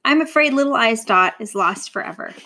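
A woman voicing a kindly, teacherly female capital letter in a read-aloud storybook, speaking gently. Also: on the high side, animated, a little fast, slight background noise. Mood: sorry.

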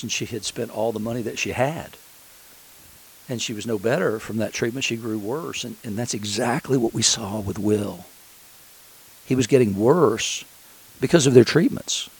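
Low, gravelly-voiced male preacher. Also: slight background noise, poor audio. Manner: conversational storytelling with frequent restarts. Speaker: pastor. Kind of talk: sermon.

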